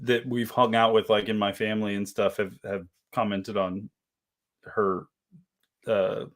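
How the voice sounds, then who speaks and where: A man co-hosting a casual live stream from an office, relaxed and passing along chat comments. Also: fairly low pitch, measured pace. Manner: easygoing, relays chat comments, chuckles.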